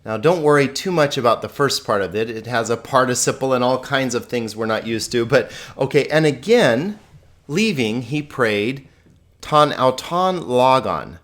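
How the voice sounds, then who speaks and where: A man's voice: medium pitch, expressive, normal speed, a bit bright. A man giving a recorded language lesson, chatty and upbeat, laughing often and stressing key words. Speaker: Greek teacher.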